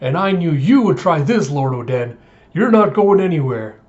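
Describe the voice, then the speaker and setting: A man voicing a loyal young male samurai retainer, loud and pleading in a raised voice. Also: a little high, expressive, a little fast, lightly acted. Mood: frantic. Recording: dull lo-fi audio.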